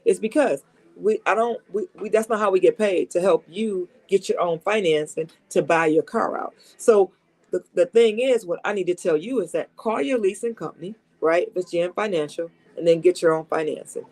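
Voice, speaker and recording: A woman's voice: on the low side, normal speed, a little mellow. A saleswoman talks from her desk in a dealership office, coming down with a cold and a little sniffly. She is chatty and emphatic, hammering each point home by saying it twice. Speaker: car salesperson. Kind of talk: casual advice talk to camera.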